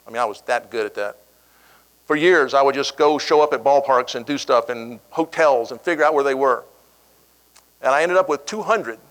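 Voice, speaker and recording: A middle-aged man speaking at an event and telling a personal story. His voice sits in an ordinary middle register. He acts out the quoted voices with sudden jumps in pitch. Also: a bit bright, low-quality recording. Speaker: keynote speaker. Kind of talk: storytelling speech.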